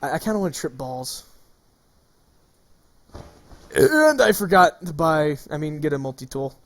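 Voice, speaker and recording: A man's voice: fairly high pitch, very animated, fairly quick, a bit bright. A man streaming a game and telling a rambling story, swearing and laughing as he goes. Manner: rambling, profane, laughing between lines.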